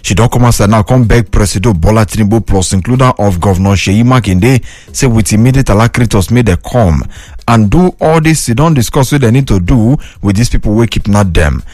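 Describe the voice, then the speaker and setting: A Nigerian man reading radio news with a Nigerian Pidgin accent, in a brisk, chatty newsreader style. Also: fairly low pitch, darkish tone, no room sound.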